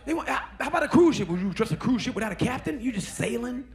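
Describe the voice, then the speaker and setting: A man working a comedy club crowd with a stand-up set. His voice sits high and swings wildly up and down. It has a gravelly, fry-laced edge as he swears and calls out people in the audience. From Oklahoma, USA. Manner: animated, profane, crowd-addressing with quick put-on quotes.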